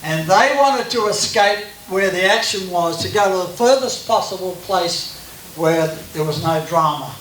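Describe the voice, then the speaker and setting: Guest-speaking at a church event, this Australian man jokes and chats through a personal talk in a high, animated voice that's a bit bright, at a moderate pace. It was captured from afar in an echoey room with light hiss.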